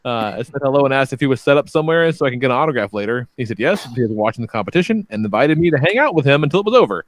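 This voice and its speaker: A man's voice: medium pitch, animated, rapid-fire, dry recording. A man co-hosting a podcast, reading out listener stories in a laid-back, swearing, casual chat. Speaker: podcast co-host.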